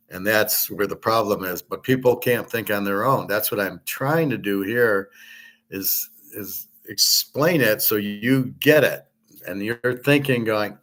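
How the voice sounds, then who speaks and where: A man's voice: fairly low pitch, a bit bright. A man hosting his own show, giving a blunt, rambling commentary monologue with frequent swearing and filler words. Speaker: host.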